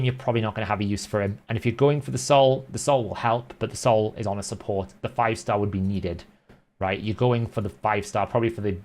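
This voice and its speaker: A man talking casually as a gaming video host, conversational and thinking aloud with frequent self-corrections. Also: on the low side. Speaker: gaming YouTuber. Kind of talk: casual game commentary.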